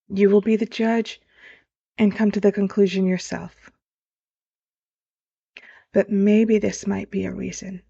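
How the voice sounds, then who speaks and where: A woman's voice: medium pitch, gravelly, dark tone, slightly rough. A woman hosting a motivational podcast as a life coach, talking earnestly and straight to her listeners. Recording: dull lo-fi sound.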